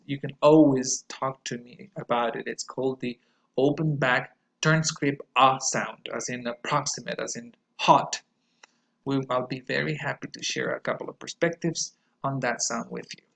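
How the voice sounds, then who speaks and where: A man teaching an English pronunciation lesson, explaining vowel sounds and modeling words slowly and clearly for students to repeat. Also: medium pitch, fairly bright tone. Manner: slow, exaggerated word modeling.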